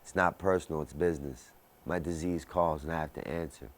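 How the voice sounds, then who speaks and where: A man in his thirties giving an intense personal testimony about his recovery, with sudden dramatic drops to a quiet voice. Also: rumbling low, steady tone, a little fast. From Baltimore area, US. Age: 30s. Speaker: recovery speaker.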